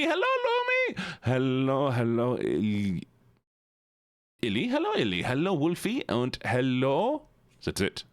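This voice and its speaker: A man's voice: medium pitch, no echo. A man streaming live, playfully greeting his chat one by one with sing-song hellos. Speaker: livestreamer. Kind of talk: casual livestream chat.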